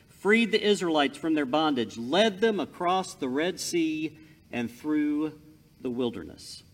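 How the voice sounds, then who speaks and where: A man preaching a sermon, telling stories with lively emphasis. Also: medium pitch. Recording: long hall reverb.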